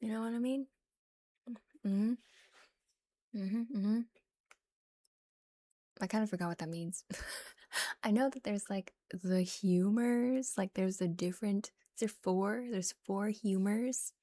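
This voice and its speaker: Softly whispering woman, slow ASMR chat. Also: medium pitch, dry recording, clean studio sound. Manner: soft whispering, giggly and rambling. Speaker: ASMR streamer.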